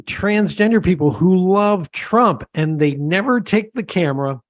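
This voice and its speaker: A man's voice: sits high, lively intonation, a little slow, no echo. A man hosting an interview podcast, talking casually and repeating words as he searches for them. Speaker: podcast host.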